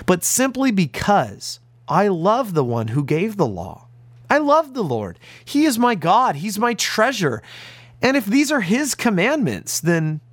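An American man, a pastor, delivering an earnest, emphatic radio sermon. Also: no echo. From United States. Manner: earnest, emphatic preaching with big pitch swings.

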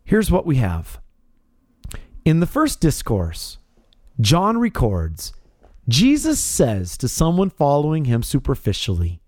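A man preaching a radio sermon with a slightly high voice that swings widely in pitch. He speaks as a pastor, emphatic and pressing each point. The sound is dry and close, with no room around it. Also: huge pitch swings, takes it slowly, a little mellow, no room sound. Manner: emphatic, rising to stressed peaks.

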